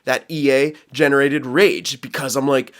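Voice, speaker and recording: A man's voice: mid-range voice, fairly even intonation. A man talking his way through a hockey franchise game for his channel. He rambles off on tangents and laughs at himself while he sorts his lineup. His tone stays loose and chatty throughout. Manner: rambling, self-aware, quick to laugh; talks to viewers while managing a hockey franchise. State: hiccups. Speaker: gaming YouTuber. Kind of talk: casual gameplay commentary.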